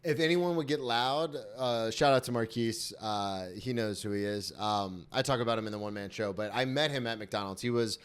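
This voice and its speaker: A man hosting a podcast, chatting casually with quick rambling asides. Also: medium pitch, clear, resonant tone. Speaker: podcast host. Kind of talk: casual chat.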